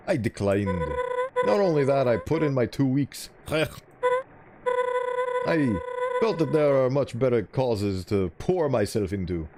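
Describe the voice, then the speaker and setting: A man voicing a friendly male game character in a put-on Scottish-style accent, speaking gently and earnestly. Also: mid-range voice, heavy background noise.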